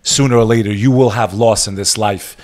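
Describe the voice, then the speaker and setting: A man hosting a live stream monologue, switching between fiery, profane exhortation and somber, quiet reflection on loss. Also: on the low side, steady tone, fairly quick. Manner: subdued and somber when speaking of loss.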